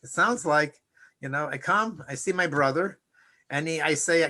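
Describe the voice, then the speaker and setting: A man with a bright, forceful voice and a slightly high pitch teaches an informal Torah class. He talks in a loose, conversational way, full of restarts, and slips into the voices of the people in his story. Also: moderate pace. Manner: conversational, acts out quoted characters; frequent fillers and restarts.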